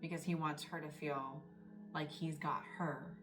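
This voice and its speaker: A woman talks through a tarot reading in a low, confiding voice that turns emotional and tearful at times. She sits back from the microphone, and loud music plays beneath her. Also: fairly even intonation, measured pace. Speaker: tarot reader. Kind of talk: casual spoken tarot reading. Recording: distant mic with loud background music.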